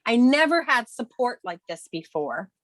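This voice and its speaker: A woman's voice: fairly high pitch, very animated, normal speed, fairly bright tone, no echo. A woman in her thirties co-hosting a morning video call, speaking candidly and emotionally with emphatic bursts and restarts. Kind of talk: casual motivational chat.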